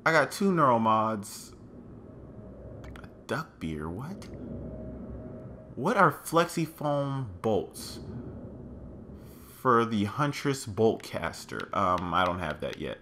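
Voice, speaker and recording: A man's voice: lowish voice, big pitch swings, slow pace, pauses often, pushed and bright, slight background noise. A man giving let's play commentary, thinking aloud to his viewers as "guys" and crying out in alarm at what he finds. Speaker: gaming channel host.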